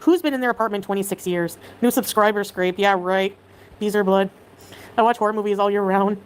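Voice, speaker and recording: A woman's voice: mid-range voice, fairly even intonation, a little fast, clear, resonant tone. A Canadian woman livestreaming, chattily reading viewer comments aloud and greeting viewers.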